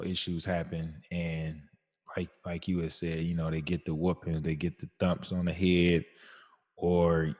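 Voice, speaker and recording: A podcast co-host with a deep voice and darkish tone, recorded in a large hall, tells stories on a podcast about fatherhood. His casual chat is laid-back, slangy, and reflective.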